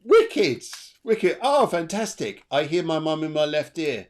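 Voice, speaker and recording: A man hosting a live show and giving psychic readings in a chatty, animated way, laughing often. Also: fairly high pitch, a little slow. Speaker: medium and show host.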